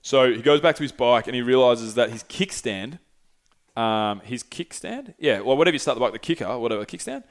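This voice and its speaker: In a brisk, mid-range voice, a young man hosting a podcast tells a sprawling travel story solo. It's a loose, profane ramble studded with fillers.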